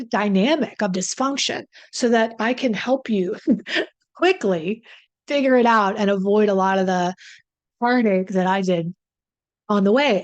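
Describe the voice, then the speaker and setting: A woman's voice: mid-range voice, a little mellow. A woman relationship coach giving conversational, emphatic advice straight to the viewer, with self-deprecating asides. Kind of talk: direct-to-camera advice talk.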